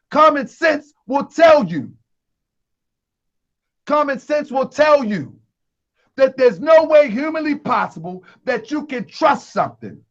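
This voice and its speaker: High-pitched preachy man, lo-fi sound. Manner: preachy, emphatic, sometimes shouting. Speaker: host. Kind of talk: heated online talk show. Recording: dull lo-fi sound.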